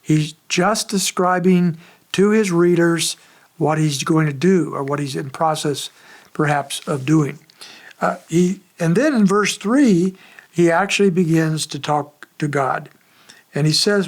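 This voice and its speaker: A pastor giving an expository sermon in a conversational, measured way, pausing often as he explains the text. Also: a little high. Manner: conversational, measured preaching with frequent pauses.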